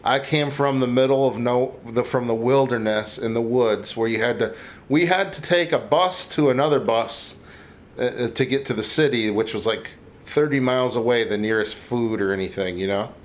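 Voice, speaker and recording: A man's voice: mid-range voice, moderate pace. A man hosting a podcast in casual chat, teasing and exaggerating with crude humor. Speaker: podcast host.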